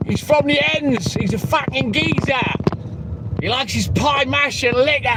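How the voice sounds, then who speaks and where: A man with a high voice chats slowly with viewers in sweary, joking banter. He talks into a phone, and the steady rumble of a moving vehicle sits under him. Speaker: livestream host. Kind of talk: casual live-stream chat.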